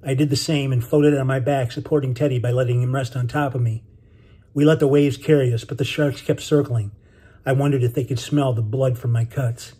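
Husky-voiced man narrating a novel. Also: medium pitch. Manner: steady, measured storytelling. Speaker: author reading his novel. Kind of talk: scripted narration.

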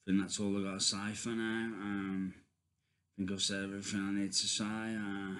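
A man talking casually to his viewers in a faith vlog, halting, with many ums and restarts. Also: fairly low pitch, little pitch movement, a bit bright, slight background noise. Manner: addresses viewers as guys. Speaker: vlogger.

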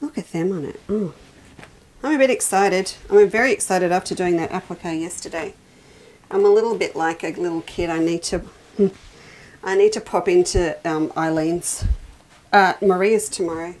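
A woman's voice: mid-range voice, lively intonation, normal speed, a little mellow, a little hiss or hum. Chatty woman showing fabrics. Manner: chatty, enthusiastic, self-interrupting. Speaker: quilt shop host. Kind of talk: casual product show-and-tell.

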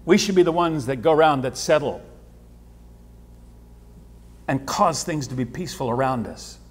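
A man preaching a sermon as pastor, animated, repeating words and swinging between hushed and loud. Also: mid-range voice, normal speed, husky. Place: church sanctuary. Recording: church hall with long reverb.

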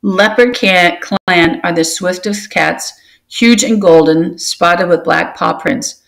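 A woman's voice: lowish voice, takes it slowly, creaky, exaggerated voice, rough recording. A woman reading a stern old warrior cat mentor. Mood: stern lecturing. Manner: gently scolding, lecturing.

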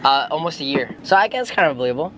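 A young man vlogging to a handheld camera, excited and rambling with lots of filler words, moving between a car, shops and a holiday room. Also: a little high, fast, a crowd in the background. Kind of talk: casual vlog to camera.

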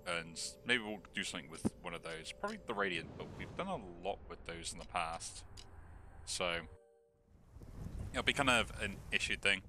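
A man hosting a game video, thinking aloud in relaxed let's play commentary, with the hiccups. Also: low-pitched. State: has the hiccups. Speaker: gaming channel host. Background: background music.

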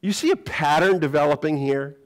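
Animated higher-voiced male pastor preaching. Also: fairly quick, poor audio. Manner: animated storytelling, acting out quoted voices with humor. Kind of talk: sermon. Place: church sanctuary.

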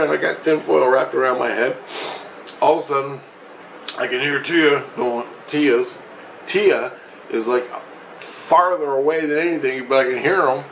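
A man's voice: medium pitch, a little slow, gravelly, fairly bright tone, a little hiss or hum, rough recording. A man telling a personal story in a rambling, agitated, profane way, restarting often. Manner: profane, agitated, restless retelling with frequent restarts.

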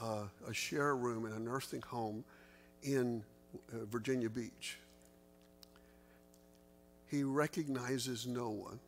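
A pastor talks through scripture with his church in a plain, mid-range voice. He is earnest and conversational, and his pitch leaps upward when he stresses a point. A faint hum sits underneath the recording. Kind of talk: Bible study teaching.

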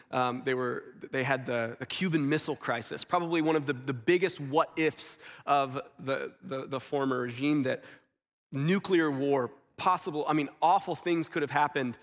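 A man preaching a sermon in a church, earnest, acting out quotes and dropping softly into stories. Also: fairly high pitch, big-room sound. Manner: earnest, acts out quotes, drops to soft tones for stories. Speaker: pastor. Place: church sanctuary.

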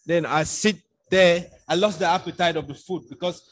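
High-voiced Cameroonian man telling a dramatic story. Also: steady tone, moderate pace. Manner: dramatic storyteller, acts out his own past dialogue. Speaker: podcast guest. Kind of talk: storytelling in casual conversation.

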